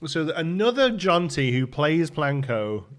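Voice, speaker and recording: A casual young British streamer reads viewer messages and banters with his chat, laughing easily. His voice sits on the high side, sing-song and a little slow.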